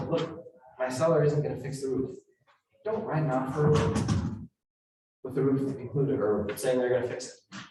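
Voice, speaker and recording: A man giving a live real estate training talk to agents, blunt and animated, acting out the people he quotes. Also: medium pitch, noisy background. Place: training room with an audience. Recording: roomy, echoey hall from far off.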